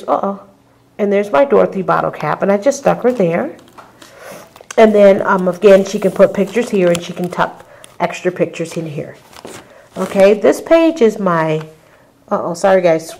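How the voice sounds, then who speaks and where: A woman's voice: medium pitch, gravelly, darkish tone, rough recording. A woman casually walking viewers through a handmade scrapbook album, chatty and full of ums and little asides to the audience. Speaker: crafter showing a handmade album. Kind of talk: casual show-and-tell tutorial.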